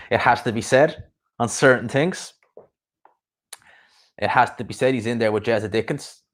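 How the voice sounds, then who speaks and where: A man's voice: mid-range voice, fairly bright tone. A young man, chatting casually and rambling on a live stream as its host. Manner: rambling, chatty, quick asides and laughs. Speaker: YouTube boxing streamer.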